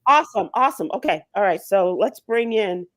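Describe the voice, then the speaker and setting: A woman's voice: mid-range voice, animated, fairly quick, no room sound. A woman hosting a radio show on location, chatting casually with a co-host, laughing often and full of fillers. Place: event venue.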